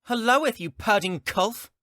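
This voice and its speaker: A man's voice: high-pitched, animated, moderate pace, no echo, studio quality, voice pushed up. A man voicing a witty, cheeky male shapeshifter who looks like a child. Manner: cheeky, sharp-tongued, whiny. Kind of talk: audiobook character reading.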